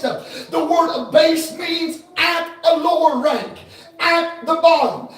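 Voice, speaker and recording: A man preaches to his congregation in a high, ringing voice, shouting out his points with great fervor. He sounds distant from the mic, and his voice booms around a large echoing church hall. Soft music plays behind him. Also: takes it slowly. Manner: fervent, shouting preacher who acts out the scripture characters. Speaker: pastor. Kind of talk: shouted revival sermon.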